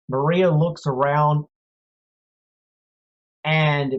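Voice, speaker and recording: A man narrating as game master of a tabletop game, telling the story in a slow, measured way. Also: a little high. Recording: dull lo-fi audio, faint music.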